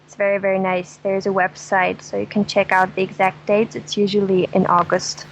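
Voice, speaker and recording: A woman's voice: medium pitch, little pitch movement, normal speed, a little hiss or hum, low-quality recording. Chatty German-accented woman. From Dresden, Germany. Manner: chatty, laughs often, tells jokes with gusto. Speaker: travel guest. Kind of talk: casual interview chat.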